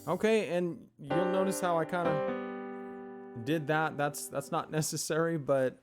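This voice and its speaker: A man's voice: fairly high pitch, unhurried. A man giving a piano lesson, counting beats and singing rhythms in an easy, chatty way. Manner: relaxed, with many fillers and check-ins. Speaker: piano teacher. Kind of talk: casual instruction. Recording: loud piano alongside the voice. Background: piano playing.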